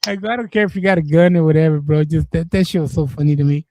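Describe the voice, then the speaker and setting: A man's voice: a little high, quick pace, darkish tone, a little hiss or hum. A man hosting a livestream, chatting loosely and swearing, laughing through his stories. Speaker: livestream host. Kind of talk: casual stream chat.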